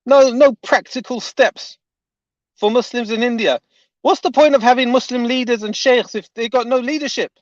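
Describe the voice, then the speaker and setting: A man's voice: very high voice, steady tone, normal speed, no echo. A man delivering a heated, indignant reaction rant as an online commentator, often repeating his points. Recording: dull, dry lo-fi audio.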